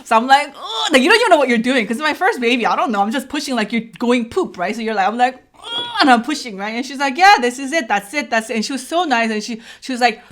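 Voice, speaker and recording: A woman's voice: fairly high pitch, quick pace, few pauses, fairly bright tone. A woman vlogger telling a personal story in a casual way. She acts out the dialogue and keeps checking in with "right?".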